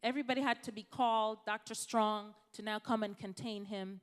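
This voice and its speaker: A woman's voice: medium pitch, steady tone, fairly quick, clean tone, big-room sound. A woman from Jamaica, a physician giving a conversational health talk to a church congregation, addressing the audience directly. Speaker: physician speaker.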